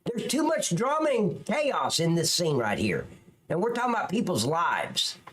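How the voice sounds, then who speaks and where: A sarcastic male commentator with a higher, very animated voice that jumps around as he mocks what he is watching. He swears freely and sounds scornful. A faint hiss sits under the recording. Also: moderate pace. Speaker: commentator reacting to police footage. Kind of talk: profane video commentary.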